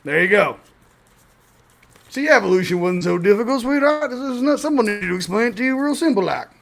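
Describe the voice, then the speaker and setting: A man's voice: sits high, animated, a little fast, vocal fry, fairly bright tone. A man hosting a casual livestream, joking and rambling, laughing at his own asides. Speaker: host.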